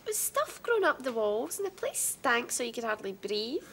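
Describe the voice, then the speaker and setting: Scottish teen girl, high voice, chirpy and self-mocking, bit of hiss behind. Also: moderate pace. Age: young adult. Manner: lively, joking, self-mocking. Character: cheerful determined Glasgow teenage girl. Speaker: teenage girl in a family drama. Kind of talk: 1980s television drama acting.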